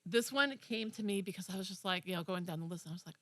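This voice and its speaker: A young woman co-hosting a community TV talk show, retelling a movie with enthusiastic, animated chat. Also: on the low side, fast, dry recording. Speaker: co-host. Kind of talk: casual chat.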